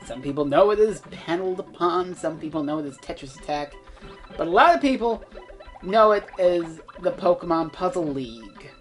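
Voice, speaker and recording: A woman doing casual let's play commentary, rambling, self-mocking and swearing freely. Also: low-pitched.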